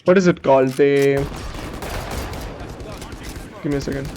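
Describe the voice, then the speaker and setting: A man's voice: medium pitch, unhurried, vocal fry, background noise. A young man streamer casually telling a story while gaming, swearing now and then and acting out what people said. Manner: animated, casual, swears, acts out quoted people.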